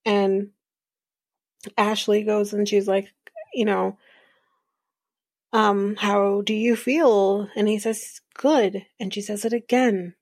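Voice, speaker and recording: A woman hosting a podcast, casually recapping a reality show in a chatty, rambling way with fillers and soft laughs. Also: medium pitch, flat delivery, slow, pauses often, dry recording, studio quality. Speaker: podcast host.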